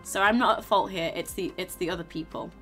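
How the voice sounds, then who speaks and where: A tired, low-energy woman streaming a game and chatting casually, rambling and repeating herself as she restarts sentences. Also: fairly quick, bright, forceful tone, faint music behind. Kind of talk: casual gaming stream chat.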